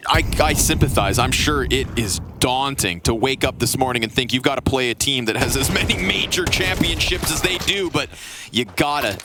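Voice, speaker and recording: A man calling an esports match play-by-play, fast and rising to shouts at big plays. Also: medium pitch, animated, over music. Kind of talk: live esports commentary.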